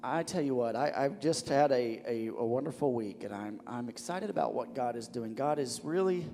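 A man's voice: mid-range voice, expressive, moderate pace, gravelly, mellow, big-room sound, faint music behind. A man preaching as pastor of a church, fervent and repetitive, often restarting his words. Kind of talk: sermon. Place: church sanctuary.

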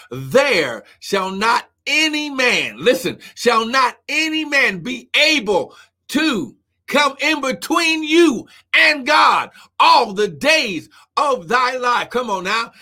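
Fervent high-voiced preacher, often shouting. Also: male voice, big pitch swings, slow. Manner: fervent, frequently shouting, repeats "come on now"; bursts of speaking in tongues. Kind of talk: live-streamed sermon.

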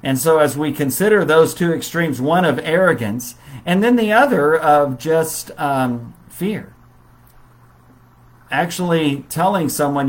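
A man preaching in a relaxed, conversational Bible study style, with many fillers. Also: a little high, measured pace, poor audio. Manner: conversational, warm storytelling with fillers.

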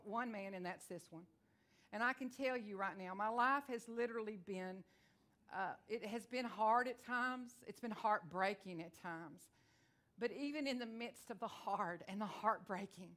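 A middle-aged woman from Texas with a country twang, preaching a sermon and telling her own testimony, fast-talking and rising to fervent declarations. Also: mid-range voice. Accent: Texan. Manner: fervent, rises to loud declarations. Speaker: guest preacher.

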